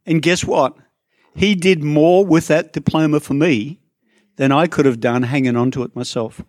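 A man's voice: fairly high pitch, steady tone, normal speed, a little mellow, no echo, clean studio sound. A man preaching a sermon to a church congregation, talking conversationally with asides to people in the room. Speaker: pastor.

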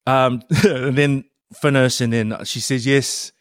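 A man, a professional rugby player, telling an animated story in an interview with lots of laughs and fillers. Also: medium pitch, slow, no room sound, studio quality.

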